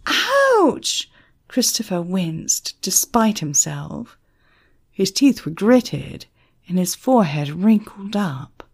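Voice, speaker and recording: A woman narrating an audiobook in an expressive, measured storytelling manner. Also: fairly low pitch, creaky, husky.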